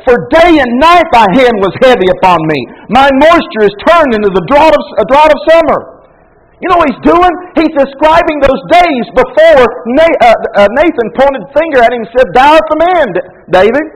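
High-voiced man preaching a sermon. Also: animated, normal speed, low-quality recording. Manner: conversational preaching, with frequent repetitions and acted-out prayers. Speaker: pastor.

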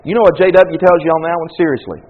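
Fervent preacher man, voice pitched high. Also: rapid-fire, husky, narrow, tinny audio. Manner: conversational, swinging from quiet asides to loud fervent peaks; reads scripture aloud and then explains it. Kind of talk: sermon.

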